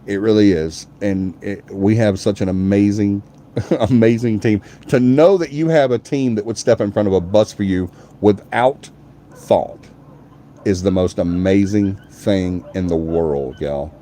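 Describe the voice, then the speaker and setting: Male host, deep voice, effusive, repetitive, casual live-stream chat. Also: measured pace, warm tone, slight background noise. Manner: effusive, repeats himself, talks to the chat. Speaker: host of a live paranormal show.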